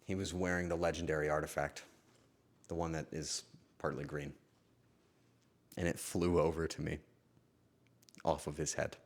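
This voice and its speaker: A young man hosting a stream, telling a story to his chat in a casual, swearing, animated way. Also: a bass voice, normal speed, long pauses. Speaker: streamer host.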